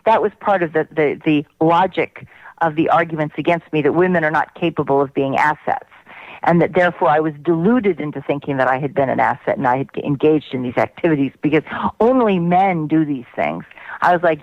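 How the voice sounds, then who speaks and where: A woman's voice: sits low, fairly quick, dry recording, muffled recording. Indignant woman radio guest. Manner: emphatic, indignant, laughing asides. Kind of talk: radio interview.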